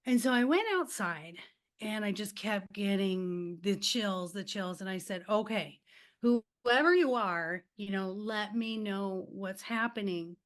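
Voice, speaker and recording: A woman's voice: mid-range voice, pushed and bright. A middle-aged woman, a life coach and podcast guest, telling stories in a casual chat, acting out quotes and laughing often.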